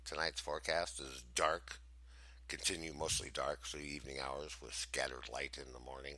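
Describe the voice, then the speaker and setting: A man putting on a flat, mock-serious male TV weatherman for a comic bit. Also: a bass voice, normal speed, dry recording, pitched below the performer's own voice.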